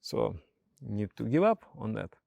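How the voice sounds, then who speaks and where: Gravelly, animated male yoga teacher. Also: fairly low pitch, normal speed, no room sound. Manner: animated, storytelling, with rhetorical questions. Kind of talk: spoken meditation lesson.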